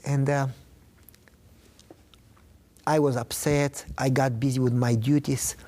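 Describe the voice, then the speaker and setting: Warm-voiced man telling a faith story. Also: mid-range voice, slow pace. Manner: earnest, lively storytelling that acts out quoted dialogue. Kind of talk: conversational testimony.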